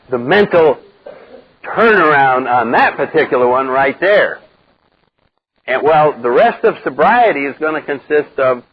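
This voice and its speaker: An older man speaking to a live recovery group, blunt and wry, acting out the voices he quotes in a lively way. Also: fairly high pitch, slight background noise. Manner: animated storyteller who acts out quoted voices, wry and blunt. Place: meeting room with a live group. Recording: dull lo-fi 1990s cassette recording.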